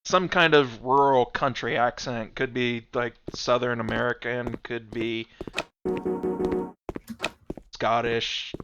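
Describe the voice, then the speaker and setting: A man's voice: mid-range voice, fairly even intonation, takes it slowly, pauses often, fairly bright tone, muffled recording, faint music behind. A man who made the game, chatting casually on a stream and explaining its levels, with plenty of fillers. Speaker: game developer hosting a stream.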